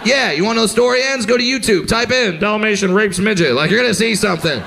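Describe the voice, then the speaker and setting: A man doing stand-up, telling a story loudly and excitably and shouting his punchlines. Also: high voice, fast talker, creaky, background noise. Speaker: stand-up comedian. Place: comedy stage before a live audience.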